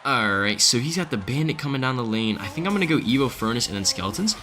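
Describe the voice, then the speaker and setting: A young man giving casual, excitable live commentary on his gameplay while chatting with viewers. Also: medium pitch, quick pace, few pauses. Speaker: streamer. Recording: faint music behind.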